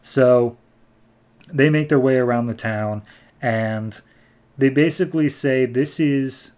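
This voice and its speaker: A man hosting a comic book podcast, recapping an issue in loose, chatty talk and slipping into quick character voices. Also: medium pitch, a little mellow, clear, resonant tone.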